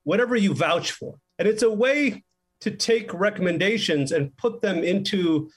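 A man being interviewed as a film director, telling stories in a casual, animated way and acting out the lines he quotes. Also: high voice, normal speed, slightly rough. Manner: animated storyteller who acts out quoted lines.

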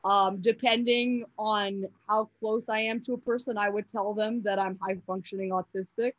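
A woman's voice: mid-range voice, fairly even intonation, normal speed, dry recording. A young woman answering interview questions casually, hesitant, with many fillers and restarts. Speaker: interview guest. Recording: dull, dry sound.

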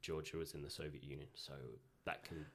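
A man's voice: rumbling low, little pitch movement, a little fast, crowd noise. A man co-hosting a podcast, talking hesitantly with many restarts in casual chat. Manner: hesitant, full of fillers and restarts. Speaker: podcast co-host.

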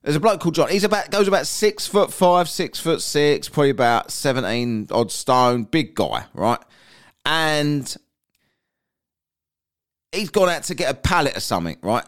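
A man's voice: a little high, lively intonation, normal speed, fairly bright tone. A man, a podcast host telling crude comic stories from daily life. He swears a lot and keeps checking in with "right?". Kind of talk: comic anecdote storytelling.

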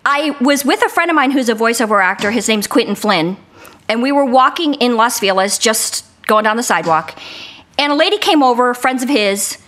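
A woman's voice: a little high, a little fast. A middle-aged woman voice actor, a guest on a casual podcast interview, telling stories with lots of laughter and calling in from her living room at home. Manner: animated, laughing storyteller.

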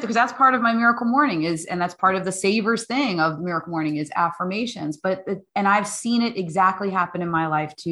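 Female host, bright forward voice, warmly enthusiastic interviewer energy. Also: mid-range voice. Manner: enthusiastic and affirming. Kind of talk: casual chat.

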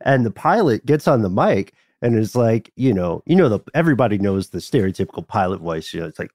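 A man's voice: fairly low pitch, sing-song, brisk, a little mellow, no room sound, clean studio sound. A man co-hosting a casual podcast chat, telling stories with frequent laughs and asides. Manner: storytelling, laughs often, trails off into asides. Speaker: podcast co-host.

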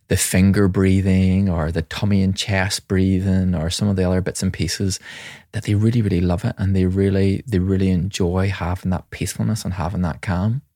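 A man's voice: low-pitched, little pitch movement, normal speed, dark tone, dry recording, clean studio sound. A middle-aged man, a mental health professional, talking in a conversational podcast, acting out quoted voices and often restarting his sentences. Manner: frequent restarts and repetitions.

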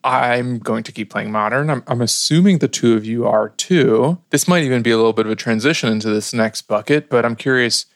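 A man's voice: mid-range voice, a little fast, few pauses, dry recording, clean studio sound. A man co-hosting a casual podcast, speaking in an enthusiastic, playful way. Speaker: podcast co-host.

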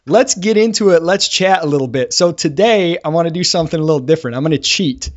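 A man hosting a podcast in casual chat, talking quickly and laughing easily. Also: on the high side, expressive. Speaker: podcast host. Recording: dull lo-fi sound.

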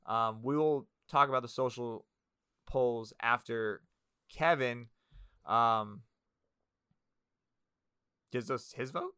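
A man hosting a casual podcast, energetic, crude and rambling. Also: mid-range voice, slow pace, long pauses, clear, resonant tone, dry recording, studio quality. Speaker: podcast host.

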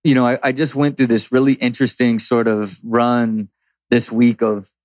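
A man's voice: medium pitch, level tone, moderate pace, a little mellow, no room sound. Profane, rambling man in his forties. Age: 40s. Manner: profane, rambling, acts out quotes. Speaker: host answering audience questions. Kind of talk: casual Q&A talk.

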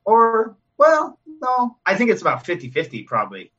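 Male comic guest, husky and fairly high, rambling storyteller. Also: wildly swooping pitch, normal speed, pushed and bright, far from the mic, muffled recording. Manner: loose, rambling, stop-start. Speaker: podcast guest, comedian. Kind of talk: casual storytelling chat.

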